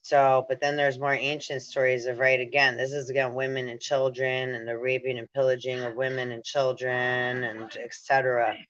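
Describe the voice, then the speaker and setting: A man's voice: medium pitch, level tone, moderate pace, hardly any pauses, fairly bright tone, dry recording, dull audio. A man hosting a spiritual talk, meandering with restarts and frequent "right?" asides, breaking into laughter while relaying messages. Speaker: spiritual channel host. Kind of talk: rambling spiritual monologue.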